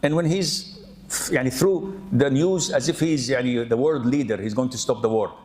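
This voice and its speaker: A man preaching an animated, humorous sermon, often acting out the people he quotes. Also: mid-range voice, normal speed. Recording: echoey room.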